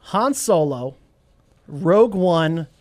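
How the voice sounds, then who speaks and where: A man hosting a podcast in casual chat, animated and joking, reading an ad read along the way. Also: a little high, slow, no echo. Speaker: podcast host.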